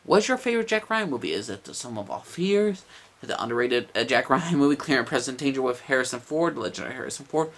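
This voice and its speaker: A man's voice: medium pitch, lively intonation, fast, fairly bright tone. A man giving a casual movie review, enthusiastic and rambling, with lots of "uh" and "like". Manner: enthusiastic, rambling with many fillers.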